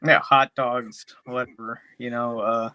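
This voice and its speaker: A man's voice: mid-range voice, little pitch movement, measured pace, bright, forceful tone, slight background noise. A man co-hosting a podcast, recapping a movie plot in a rambling, profane way, packed with "you know.". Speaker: podcast co-host. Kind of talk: casual chat, movie recap.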